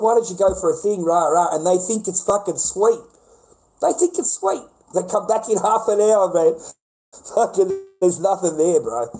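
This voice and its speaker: A man's voice: high voice, mellow, low-quality recording. An Australian man in a casual, profane rant to a live audience, rambling and repeating himself.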